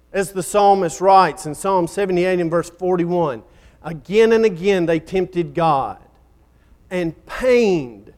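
A man preaching a sermon in a dramatic style, building up and then falling nearly silent at the ends of phrases. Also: sits high.

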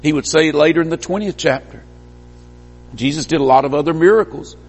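A man preaching a sermon, emphatic, swinging from stressed peaks to quiet low lines. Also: brisk, breathy edge. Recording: long hall reverb.

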